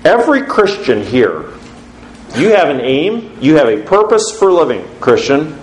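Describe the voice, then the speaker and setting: Lively preacher in an echoey church. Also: male voice, a little high, a little slow, a little hiss or hum. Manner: quizzes the congregation with questions. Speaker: pastor. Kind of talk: sermon. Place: church sanctuary. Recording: roomy church echo.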